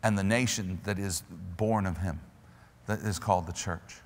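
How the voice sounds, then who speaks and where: A man preaching a sermon, building from quiet earnest pleading to loud fervent declarations. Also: deep voice, fairly even intonation, moderate pace, long reverb tail.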